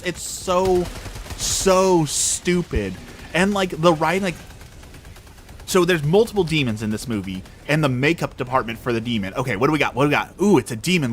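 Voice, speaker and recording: A man with a somewhat high voice rants casually to his live stream viewers. He sounds sarcastic and mocking, openly exasperated. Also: animated, normal speed, fairly bright tone, a little hiss or hum. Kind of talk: casual rant to a live audience.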